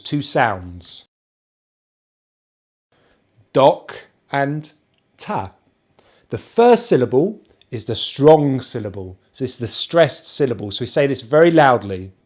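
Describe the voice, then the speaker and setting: A man with a British accent teaching English pronunciation, slowly drilling and repeating syllables. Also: mid-range voice, a little mellow. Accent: British, non-rhotic. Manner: slow, exaggerated drilling of sounds. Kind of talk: pronunciation lesson.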